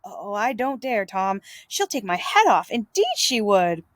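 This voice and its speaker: A woman's voice: mid-range voice, big pitch swings, measured pace, no echo. A woman voicing a timid, fearful boy in a read-aloud storybook, speaking hesitantly with stammers.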